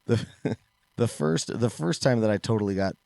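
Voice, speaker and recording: Deep-voiced man telling a story. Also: normal speed, creaky, dry recording. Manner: animated storyteller, acts out quoted voices. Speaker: podcast co-host, martial arts instructor. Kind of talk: casual storytelling chat.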